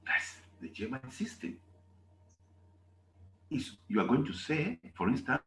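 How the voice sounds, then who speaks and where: A man's voice: mid-range voice, sing-song, a little slow, long pauses, fairly bright tone, slight background noise. Man teaching in an echoey classroom. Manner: repetitive, emphatic, asks "okay?" often. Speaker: German teacher. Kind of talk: classroom lesson.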